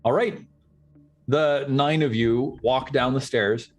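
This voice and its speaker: A man's voice: mid-range voice, slow pace. Easygoing male dungeon master. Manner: relaxed, easygoing narration with fillers. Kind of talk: narrating a tabletop game.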